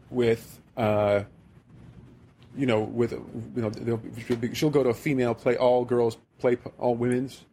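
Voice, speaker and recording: A mid-range, darkish voice belongs to this Midwestern podcast host, who chats casually while telling a rambling story at his own expense.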